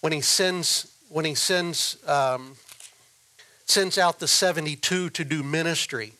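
A male pastor delivering a sermon in an unhurried, measured way. His voice sits a bit high for a man. He leans on repetition and lets his phrases land one at a time. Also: sharp tone. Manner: slow, deliberate preaching with repeated phrases.

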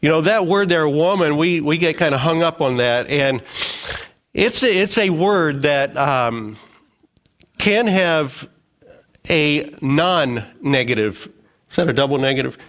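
A man's voice: fairly high pitch, lively intonation, unhurried, a bit bright. A middle-aged male pastor preaching a sermon in a conversational way, with joking asides and acted-out quotes.

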